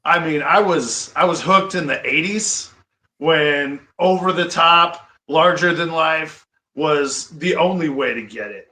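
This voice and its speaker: A middle-aged man from the US Midwest, a wrestling guest telling stories in an animated way. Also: fairly high pitch, takes it slowly. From Iowa, US Midwest. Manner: animated, breaks into excited fanboy quotes. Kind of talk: storytelling interview. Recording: echoey studio room.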